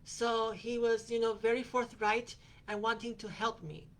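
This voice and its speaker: A woman's voice: a little high, steady tone, measured pace, a bit bright. A woman hosting a podcast, telling a personal travel story in a rambling way, with many fillers and restarts, and quoting the people she met. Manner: quotes other people in her retelling. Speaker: podcast host.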